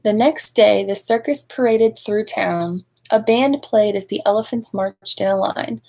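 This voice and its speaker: Gravelly-voiced woman reading a storybook aloud. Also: medium pitch, unhurried, poor audio. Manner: expressive, adds chatty asides to young listeners. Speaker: storybook reader at a speech clinic. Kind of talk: reading a picture book aloud to children.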